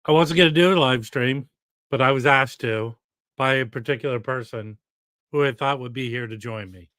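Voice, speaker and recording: A man's voice: medium pitch, normal speed, a bit bright, dry recording. A man hosting a casual live stream alone, rambling and chatty as he reads out viewer comments.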